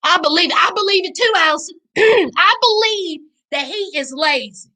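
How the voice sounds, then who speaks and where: A woman with a Southern US accent hosts a casual live recap, answering chat in a sassy, animated way. Her voice sits very high. It sounds bright and forceful. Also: normal speed, low-quality recording. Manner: sassy, animated, calls viewers child and honey. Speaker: livestream host reading chat.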